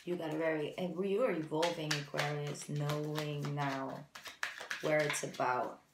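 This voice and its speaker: A woman's voice: low voice, fairly even intonation, measured pace, roomy sound, very noisy. A woman giving a casual, encouraging tarot reading and talking straight to her viewers with many "you know"s. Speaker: tarot reader.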